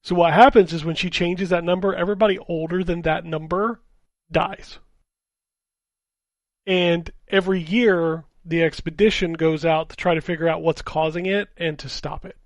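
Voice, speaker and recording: A man's voice: fairly high pitch, steady tone, normal speed, no echo. A man co-hosting a casual gaming podcast, talking loosely and swearing as he explains game stories. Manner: casual, profane, explains plots plainly. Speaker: podcast co-host.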